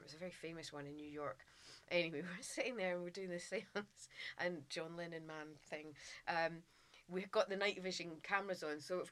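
A middle-aged woman, a guest in casual chat, telling lively anecdotes and laughing often. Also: lowish voice.

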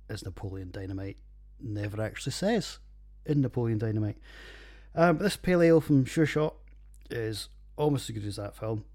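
A man's voice: lowish voice, lively intonation, moderate pace, darkish tone. A man with a Scottish accent hosting a casual solo podcast, rambling and jokey with plenty of swearing. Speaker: podcast host reviewing beers.

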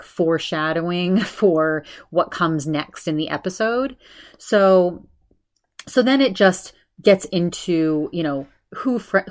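Woman podcast host, slightly low voice, casual chatty review delivery. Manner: chatty, many restarts and fillers.

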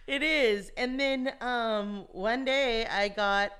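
A woman, an actress and voice actor, chatting as an interview guest and telling animated stories. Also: on the high side, extremely slow, smooth. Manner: animated storyteller, acts out quotes. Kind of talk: casual interview chat.

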